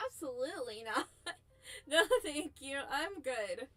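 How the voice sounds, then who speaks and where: High-voiced, giggly woman streamer. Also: normal speed, a bit bright. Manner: giggly, rambling, self-interrupting. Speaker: VTuber streamer. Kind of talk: casual live-stream chat.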